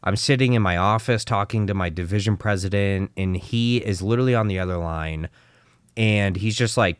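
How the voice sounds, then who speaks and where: Man, low voice, dry close sound, animated storytelling, casual podcast chat, swears a lot. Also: brisk, clean tone, no echo. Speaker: podcast co-host.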